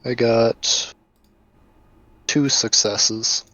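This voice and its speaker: A man's voice: medium pitch, steady tone, very slow, pushed and bright, dry recording. A man playing in a tabletop game, thinking aloud in an easygoing way. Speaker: player. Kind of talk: casual game talk. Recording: slightly muffled lo-fi audio.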